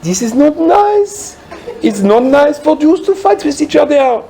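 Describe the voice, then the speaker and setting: Chiding old granny, high and slow, as a Scottish man puts her on. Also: sing-song, mellow, full character voice, poor audio. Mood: scolding. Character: scolding old grandmotherly woman.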